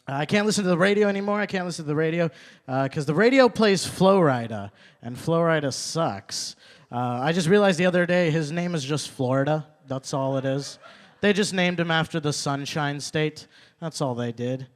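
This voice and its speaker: A man's voice: on the high side, brisk. A young man performing a stand-up comedy set in a small live venue, chatting with the crowd and repeating his punchlines. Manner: conversational, asks the crowd questions, repeats punchlines.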